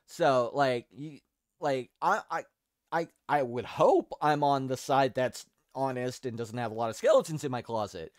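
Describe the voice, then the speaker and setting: A man hosting a casual podcast, talking in a rambling, profane and excitable way with frequent restarts. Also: mid-range voice, moderate pace, no room sound, studio quality. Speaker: show host.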